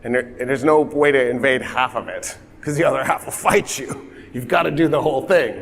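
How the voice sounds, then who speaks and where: A man telling history in a casual, lively way, slipping into voiced asides. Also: mid-range voice, fairly quick, vocal fry. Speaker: history explainer. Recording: long reverb.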